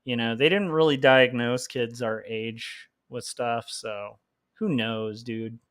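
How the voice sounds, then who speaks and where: A man's voice: mid-range voice, fairly even intonation, takes it slowly, fairly bright tone. A man hosting a livestream, chatting casually in a rambling, self-deprecating way with lots of fillers and laughter. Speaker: livestream host and comic artist. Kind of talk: casual chat while drawing.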